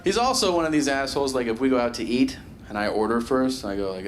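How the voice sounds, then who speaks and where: A man's voice: mid-range voice, expressive, quick pace, a little hiss or hum. A male stand-up comedian telling stories with exasperated disbelief and mocking impressions. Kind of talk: stand-up routine.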